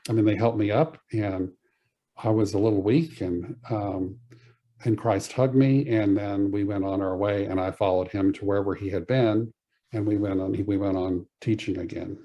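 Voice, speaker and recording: A man telling a personal spiritual story as a podcast guest, earnest and halting, with many pauses and fillers. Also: lowish voice, dull audio.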